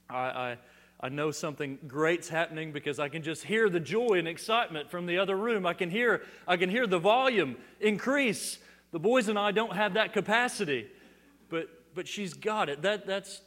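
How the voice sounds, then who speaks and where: Man preaching in a reverberant hall. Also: fairly high pitch. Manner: dynamic preaching, swings from loud declarations to hushed emphasis; repeats words as he restarts phrases. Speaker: pastor. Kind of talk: sermon.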